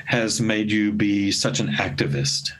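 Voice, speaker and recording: A man's voice: lowish voice, expressive, measured pace, a bit bright, low-quality recording. A man from Texas hosting a casual interview, asking questions and offering encouraging short replies. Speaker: interview host, chorus conductor.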